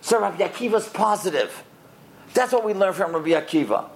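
A man teaching a lesson to boys and adults, telling stories with lively acted-out quotes and asking the listeners questions. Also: high voice, a little fast, creaky. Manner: lively, acts out the quoted characters, quizzes the listeners. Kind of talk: animated storytelling lesson with questions to the audience.

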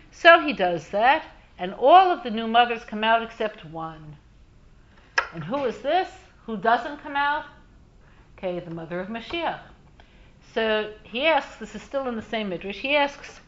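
A woman teaching a Torah lesson as an animated storyteller who pauses for frequent asides. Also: on the high side, dull audio.

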